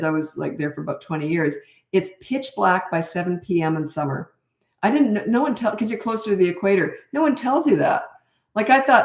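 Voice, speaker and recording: A woman's voice: fairly low pitch, roomy sound. An older woman and parenting coach from Canada, chatting casually and bluntly in a live Q&A, laughing often and losing her thread.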